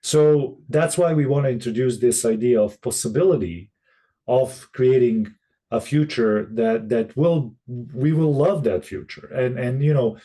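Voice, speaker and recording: Male facilitator on a video call; mellow voice, halting delivery full of fillers. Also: mid-range voice. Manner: halting, many restarts and fillers. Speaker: session facilitator. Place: room in Boston.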